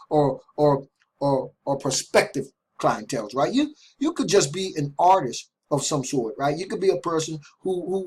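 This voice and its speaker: A middle-aged man with a fairly high, husky voice talks straight to his viewers in a loose, chatty sales pitch. He repeats his points, keeps tossing in "right?", and trips over restarts as he goes. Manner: restarts and stumbles over words. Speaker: online marketing vlogger. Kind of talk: casual direct-to-camera sales talk.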